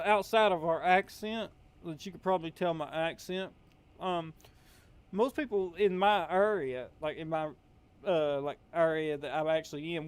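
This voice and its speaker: Streaming a game, a young Southern-accented man from Appalachian Kentucky, US, chats casually, rambling and drawling with lots of filler words. He has a high voice and a clean tone.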